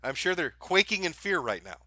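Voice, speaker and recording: A man's voice: a little high, sing-song, a little fast, sharp tone, dry recording. A man hosting a live stream from home, giving dry, sarcastic mock praise, swearing now and then and laughing at his own jokes. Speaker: livestream host. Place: home, dogs barking nearby.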